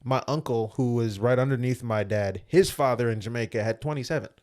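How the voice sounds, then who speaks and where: A young adult man, a former Olympic athlete, chats as a guest in casual storytelling mode. His mid-range voice moves briskly as he tells stories animatedly and acts out other people's voices.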